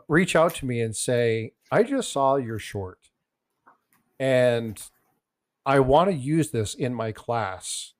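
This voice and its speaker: A man's voice: mid-range voice, no room sound. A man hosting a casual coin channel, rambling through stories and a joke with many restarts. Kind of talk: casual chat.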